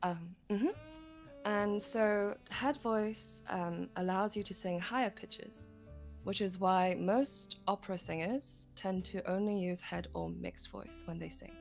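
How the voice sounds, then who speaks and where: Lady voice coach walking thru the basics, giggles a lot, soft music underneath. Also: medium pitch, fairly even intonation, slow, gravelly. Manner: patient, giggly, explains step by step. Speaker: singing teacher. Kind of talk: explaining singing technique on a livestream.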